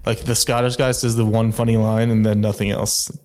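A man's voice: lowish voice, level tone, brisk, a little mellow. A man co-hosting a casual movie review chat, blunt and critical in his verdicts. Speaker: podcast co-host.

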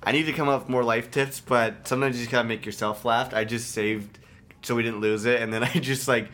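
A man's voice: mid-range voice, fairly even intonation, fairly quick, fairly bright tone, slight background noise. A man co-hosting a podcast in casual chat, teasing, rambling and often laughing. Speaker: podcast co-host.

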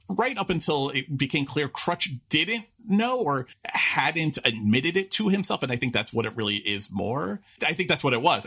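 A man's voice: medium pitch, husky. A man co-hosting a podcast, talking in a rambling casual way with many asides and restarts. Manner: rambling, restarts and filler-heavy, animated asides. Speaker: podcast co-host. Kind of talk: casual chat.

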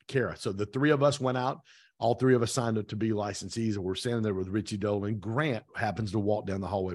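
Middle-aged male guest, low-pitched, dry close sound, animated storyteller who voices the dialogue. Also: dry recording. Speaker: podcast guest, real estate team owner. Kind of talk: casual storytelling interview.

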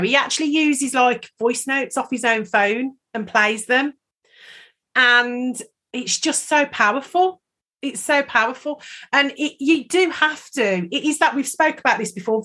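A woman co-hosts a chat show, rambling and filling her talk with "you know" and "like." Her voice is a little high, and she gets emotional as she talks. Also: a little fast, few pauses, fairly bright tone, breathy edge. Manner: emotional, chatty, rambling with many fillers. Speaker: podcast co-host. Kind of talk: casual chat.

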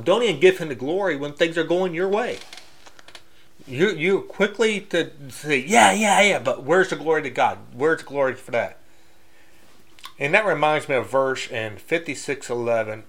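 A man's voice: mid-range voice, fairly bright tone. A man giving a casual, blunt faith talk, preaching straight with many restarts and loose grammar. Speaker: Christian speaker.

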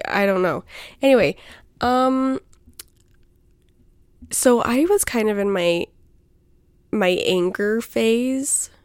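A woman's voice: medium pitch, a little mellow, smooth, no echo, studio quality. A young woman hosting her own podcast, chatting casually and rambling through a personal update with lots of fillers and restarts. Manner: rambling, self-interrupting, filler-heavy. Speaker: podcast host.

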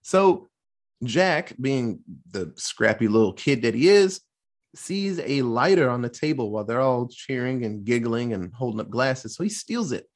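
A man casually recapping a film plot, swearing freely and acting out the characters' lines in quick put-on voices. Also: mid-range voice, big pitch swings. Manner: loose, profane, acts out quotes in quick voices. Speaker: podcast host recapping a film. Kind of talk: casual chat.

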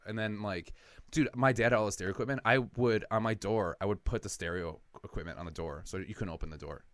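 A man with a lowish voice tears through a personal story at a rapid clip, swearing freely and acting out the people in it. He sounds like a comedian in a casual podcast chat. The recording is dry and close. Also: dry recording. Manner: rapid, animated, profane anecdotes. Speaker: comedian guest.

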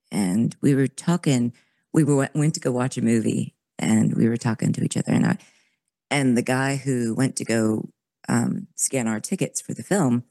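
A woman in her forties, a podcast guest, telling a personal story in an animated way, with many restarts and quoted asides. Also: rumbling low, no room sound. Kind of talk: conversational interview storytelling.

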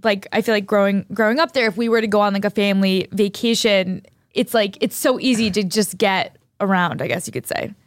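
A young woman co-hosts a chatty podcast, spinning long stories full of "like" and restarts. Her voice sits at an ordinary pitch, recorded close and dry with no room sound. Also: fairly quick, hardly any pauses, no echo. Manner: rambling, heavy use of "like", storytelling. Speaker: podcast co-host. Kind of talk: casual chat.

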